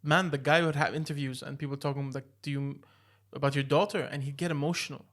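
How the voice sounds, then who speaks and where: A man's voice: a little high, quick pace. Upbeat man telling stories casually. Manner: animated storyteller, slangy, says "bro" and "like". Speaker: podcast co-host. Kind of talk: casual chat.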